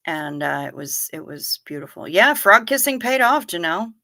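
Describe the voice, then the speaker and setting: A middle-aged woman hosting a livestream, chatting casually, reading viewer comments and telling stories in an animated, direct way. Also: on the low side, normal speed, no room sound. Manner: animated storyteller, talks straight to viewers. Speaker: livestream host.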